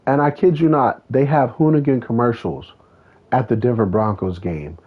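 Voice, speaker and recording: Man streamer, husky voice, rambling swearing storyteller, tinny phone-like audio. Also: mid-range voice, normal speed. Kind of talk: casual chat while streaming a racing game.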